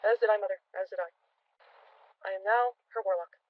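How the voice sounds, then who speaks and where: A well-mannered young tiefling nobleman, courteous with a wry edge, as a game master puts him on. He speaks quickly and crisply, in a dry voice close to the narrator's own. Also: medium pitch, fairly even intonation, dry recording, distant mic, narrow, tinny audio, natural voice. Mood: earnest. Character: polite noble tiefling son, young man.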